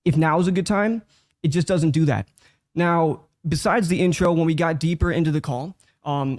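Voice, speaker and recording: A man with a slightly high voice gives direct, instructive feedback as a judge. His voice sits dry and close to the mic. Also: a little mellow, dry recording. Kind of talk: critique.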